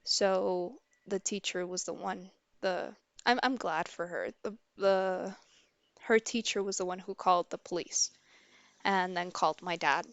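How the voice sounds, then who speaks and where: A young woman streamer telling a personal story, candid and halting, with many restarts. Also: lowish voice, dry recording, muffled recording.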